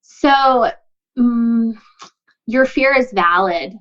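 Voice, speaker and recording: A woman's voice: on the high side, extremely slow, fairly bright tone. Woman, podcast guest, casual advice giver; earnest, chatty, acts out dialogue; slightly muffled audio. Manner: earnest, uses many likes and you knows, acts out quoted dialogue. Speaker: podcast guest, boundaries coach.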